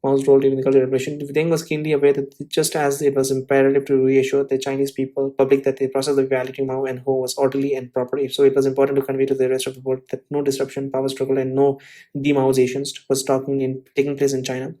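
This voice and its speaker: Man, reading aloud, stumbling, self-correcting, monotone. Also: mid-range voice. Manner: halting, self-correcting, stumbles over words. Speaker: reader of a history book.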